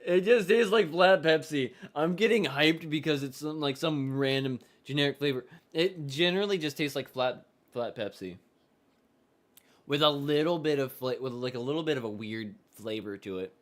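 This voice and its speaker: A man's voice: fairly high pitch, normal speed. A man streaming a casual live reaction to a football game, chatting loosely and trailing off into restarts as he goes.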